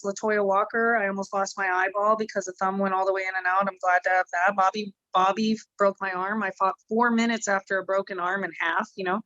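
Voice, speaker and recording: A woman's voice: mid-range voice, a bit bright, no echo, dull audio. A woman MMA fighter in a casual interview, rambling, candid and swearing freely.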